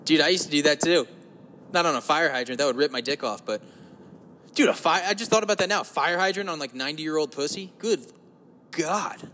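A man's voice: on the high side, a little fast, big-room sound. A man hosting his own show, talking alone from his parked car in a crude, profane, joking ramble. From New Jersey, United States. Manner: crude, profane, joking, swings into loud voices. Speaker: podcast host. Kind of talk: rambling solo monologue.

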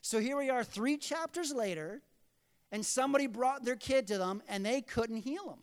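A man preaching a sermon in a church, telling scripture scenes in an animated way. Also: very high voice, moderate pace, smooth. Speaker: pastor. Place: church sanctuary. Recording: long reverb of a church hall.

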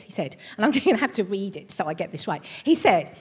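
A middle-aged woman preaching a sermon, telling stories in a conversational way and building to emphatic high points. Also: very animated, quick pace, few pauses, slightly rough. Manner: conversational storytelling with rising emphasis. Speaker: church preacher.

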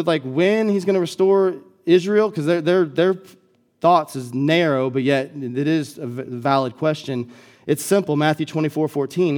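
A man's voice: on the high side, darkish tone. A young American man preaching a sermon as a guest pastor, in a casual, conversational way with lots of filler words. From United States.

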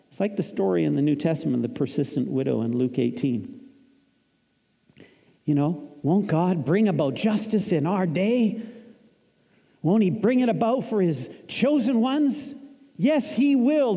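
A man's voice: high-pitched, dark tone. A man in his fifties preaching a sermon as pastor, emphatic and repetitive, quoting scripture. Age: 50s. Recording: long hall reverb.

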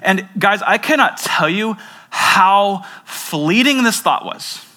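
Bright-voiced young male pastor preaching. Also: sits high, takes it slowly. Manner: animated storytelling, many restarts. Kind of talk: sermon with personal story.

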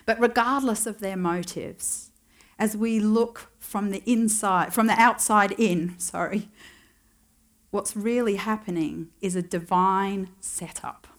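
A woman preaching to a congregation in an easy, conversational way. She reflects and wonders aloud as she retells a story, and slips in dry little asides. Her voice sits at a middling pitch for a woman. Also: slow. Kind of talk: sermon.

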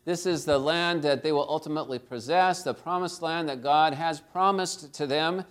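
A man's voice: fairly high pitch, normal speed. A man preaching a sermon, retelling a story and exhorting his listeners with earnest, direct questions.

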